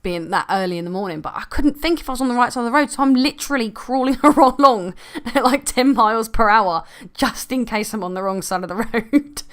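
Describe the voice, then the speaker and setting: A woman's voice: on the high side, fairly quick. Chatty woman vlogger who laughs a lot. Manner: chatty, laughs often, trailing off into quiet asides. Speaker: gaming vlogger. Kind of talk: casual chat to camera.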